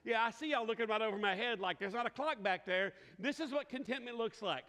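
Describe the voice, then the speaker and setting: A man's voice: high-pitched, quick pace, pushed and bright. A man preaching a sermon, telling folksy stories with quoted voices and asides to the congregation. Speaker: pastor. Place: large church hall. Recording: church hall reverb.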